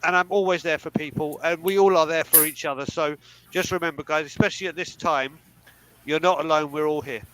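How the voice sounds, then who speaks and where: High-voiced blunt man. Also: fairly even intonation, brisk, fairly bright tone, slight background noise, rough recording. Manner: blunt, emphatic, swears freely. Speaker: podcast co-host. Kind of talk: candid panel talk.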